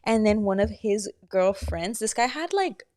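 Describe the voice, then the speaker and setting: A young woman with a mid-pitched voice chats casually as a podcast co-host. She swears freely, talks in slang, and acts out little voices while laughing. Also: lively intonation, a little slow, darkish tone. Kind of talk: casual chat.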